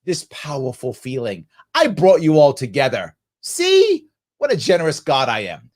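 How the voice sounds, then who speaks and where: A self-important tyrant-king brags about his own generosity in a sarcastic, mock-grand tone, as a man puts him on. The voice sits a little lower than the performer's usual and swings in pitch with lively energy. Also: moderate pace. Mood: mock-grandiose. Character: mocking tyrant-king politician, boastful.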